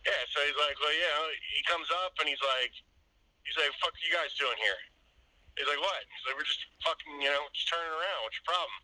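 A man's voice: on the high side, a little fast, bright, forceful tone, no echo, poor audio. Profane rambling man telling a story. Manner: rambling, profane, acts out quoted voices. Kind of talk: casual chat.

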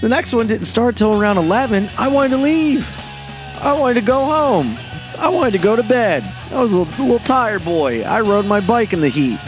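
A man hosting his own podcast, a comedian talking in a brash, profane, excitable monologue. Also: a little high. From Delaware. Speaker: podcast host and stand-up comedian.

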